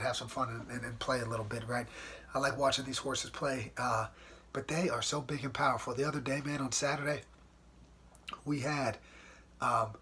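Sitting at home against a white wall, a podcast host from the United States chats casually, his speech full of "man" and "dude." He has a medium-pitched, slightly bright voice, and there's a little background noise.

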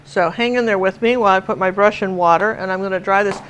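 A woman's voice: medium pitch, fairly even intonation, fast, a bit bright, slight background noise, poor audio. An older woman from Washington State giving a chatty live painting lesson, telling stories and laughing as she works. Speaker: painting teacher.

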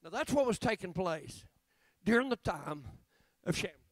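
A man preaching a revival sermon as guest preacher, telling folksy stories that break into shouting. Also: high-pitched, very animated, moderate pace, dry recording. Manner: folksy storytelling, bursts of shouting.

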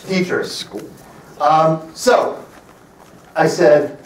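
A man's voice: a little high, expressive. Man in his fifties telling stories in a roomy hall. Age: 50s. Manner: wry storyteller, slows to stress points. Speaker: presenter. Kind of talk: storytelling public talk. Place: library event room. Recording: roomy sound from a distant mic.

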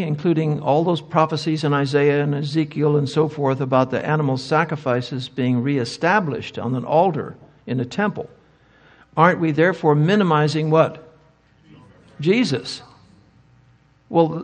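Older male conference speaker, gravelly, slightly raised pitch, emphatic rhetorical style. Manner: emphatic, asks rhetorical questions. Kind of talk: lecture answering audience questions. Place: conference hall.

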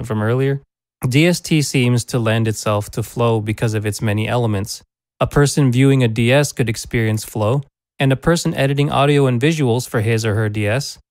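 A man's voice: mid-range voice, darkish tone, dry recording. A male teacher reading a prepared lecture in an earnest, reflective manner, recorded close on a studio microphone. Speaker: teacher presenting a lesson. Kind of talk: scripted lecture narration. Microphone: studio condenser microphone.

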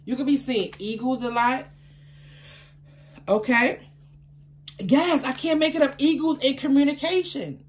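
A woman giving a tarot card reading to her viewers, chatty and affectionate, with excitable bursts of laughter and exclamations. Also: high voice, measured pace, long pauses. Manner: chatty, affectionate, calls listeners baby.

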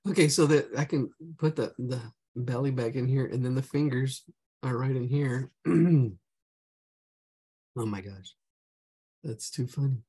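A man teaching a live online drawing class, chatting casually and humming to himself as he sketches, his voice going and his throat clearing often. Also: medium pitch, unhurried, pauses often, dark tone. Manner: casual, hums and talks to himself while sketching.

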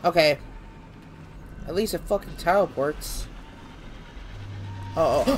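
A man's voice: fairly high pitch, slow, long pauses, fairly bright tone. A man streaming a horror game live, muttering to himself and breaking into panicky, swearing outbursts. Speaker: gaming streamer.

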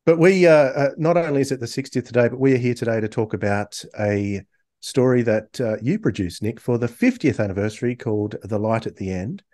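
A man hosts a casual podcast chat at a mid pitch. He keeps it friendly and loose and often backs up to restart a phrase. His delivery stays relaxed and conversational. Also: fairly quick. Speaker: podcast host.

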